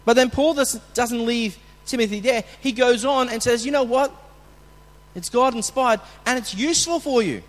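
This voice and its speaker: Male pastor, sermon, chatty with restarts, high voice, echoing church hall. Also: normal speed. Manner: conversational, with restarts and acted coach shouts. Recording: long hall reverb.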